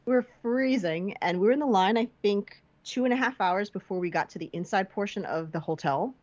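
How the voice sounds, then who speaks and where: A woman guest on a casual podcast, telling an animated story and acting out the quotes. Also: fairly quick. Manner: animated storyteller, acts out quotes with high pitch jumps. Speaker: guest filmmaker. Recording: slightly dull lo-fi podcast audio.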